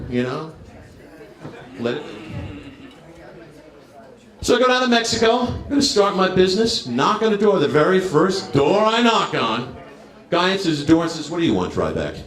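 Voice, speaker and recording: A man's voice: sits high, fairly bright tone, roomy sound. A man in his fifties from New Jersey doing a brash, crowd-working stand-up set. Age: 50s. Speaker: stand-up comedian. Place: bar stage.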